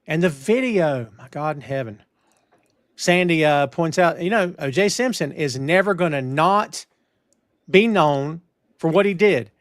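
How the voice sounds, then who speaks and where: A man hosting a wrestling news talk show, emphatic and animated, with lots of restarts. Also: on the high side, measured pace, no echo, clean studio sound. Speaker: podcast host. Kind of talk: casual wrestling news chat.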